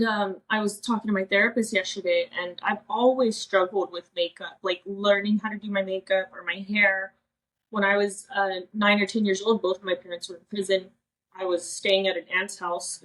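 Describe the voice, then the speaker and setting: A woman's voice: medium pitch, level tone, brisk, fairly bright tone, low-quality recording. A woman in her thirties telling a personal story in a candid, emotional way, quoting herself and others as she chats on a podcast. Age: 30s. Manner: emotional, earnest, quotes herself and others in a casual chatty way. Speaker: podcast co-host.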